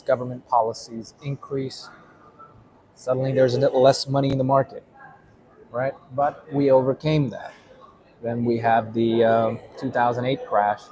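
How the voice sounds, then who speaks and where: A man's voice: mid-range voice, noisy background. A man giving a casual explainer monologue, rambling with many fillers and tagging points with "right?". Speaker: vlogger.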